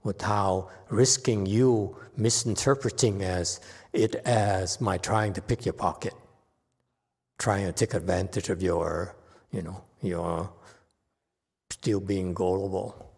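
A man's voice: low-pitched, steady tone, slow, gravelly, darkish tone, breathy edge. A man, a Buddhist monk, giving an informal dharma talk in short broken phrases and laughing often. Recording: reverberant hall.

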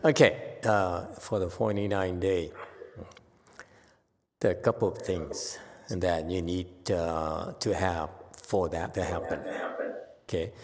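A man gives an informal dharma talk and answers a student's questions. He chats easily and laughs often, dropping into low asides and then rising for emphatic points. His voice carries the long reverb of a hall. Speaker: Buddhist teacher.

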